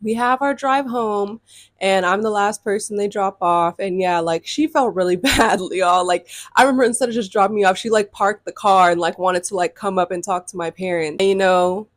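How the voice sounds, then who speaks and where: A woman's voice: medium pitch, moderate pace, dry recording, studio quality. A young adult woman telling a casual storytime vlog, chatty and loose, filling her talk with like and often calling the audience y'all. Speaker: YouTube storyteller.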